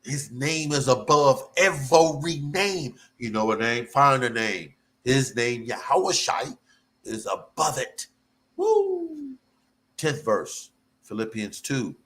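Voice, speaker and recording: A man preaching a sermon, fervent and repetitive, breaking into sudden high whoops. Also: pushed and bright. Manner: slow and drawn out.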